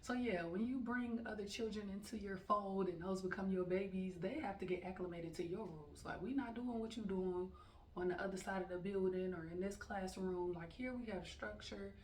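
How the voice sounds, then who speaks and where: A woman teacher telling stories about her classroom rules in a frank, animated, casual way, quoting her students and herself. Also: medium pitch, moderate pace. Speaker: teacher and vlogger. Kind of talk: casual storytelling monologue. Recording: echoey room from far off with faint background noise.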